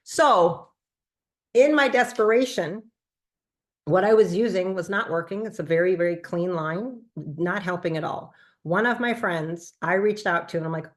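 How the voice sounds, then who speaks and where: A woman doctor telling a personal testimonial in casual talk, animated and acting out bits of dialogue. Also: lowish voice, moderate pace. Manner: animated storytelling, acts out quoted dialogue. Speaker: doctor giving a product testimonial.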